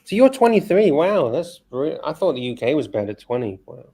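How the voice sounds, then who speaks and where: A man co-hosting a casual livestream chat, animated and prone to rants and laughter. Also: on the high side, brisk, slight background noise. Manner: animated, ranting, laughs easily. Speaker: co-host.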